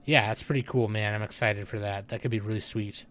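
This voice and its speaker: A young man hosting a news podcast, reading headlines and adding relaxed offhand comments with lots of fillers. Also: lowish voice, brisk. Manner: reads headlines, then adds relaxed offhand remarks with many fillers.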